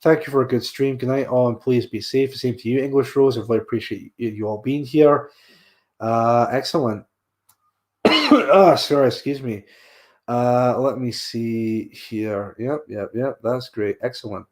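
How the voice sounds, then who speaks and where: A man's voice: mid-range voice, steady tone, unhurried, a little mellow. A man hosting a podcast livestream, tired and yawning, rambling and repeating himself as he signs off. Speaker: podcast host. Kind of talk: casual livestream sign-off.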